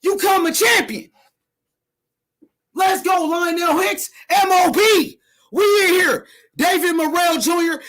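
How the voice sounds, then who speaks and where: A man from a boxer's camp loudly calling out an opponent in hyped, profane, repetitive trash talk. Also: extremely high pitch, slow pace, pauses often. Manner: loud, repetitive, profane rallying.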